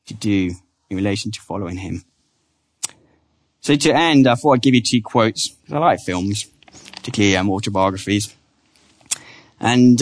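A man preaching a church sermon in an earnest, conversational way, slowing down to stress the quotes he reads. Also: mid-range voice.

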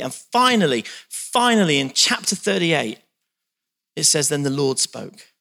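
A man's voice: fairly high pitch, sing-song, measured pace, creaky, bright, forceful tone. A man preaching a sermon, reading scripture aloud with dramatic emphasis and talking to the congregation.

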